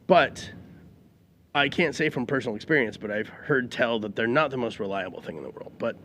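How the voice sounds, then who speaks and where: A man's voice: medium pitch, expressive, a little fast, fairly bright tone, a little hiss or hum. A man co-hosting a podcast in casual chat, telling a story in an easygoing, meandering way with lots of fillers. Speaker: podcast co-host.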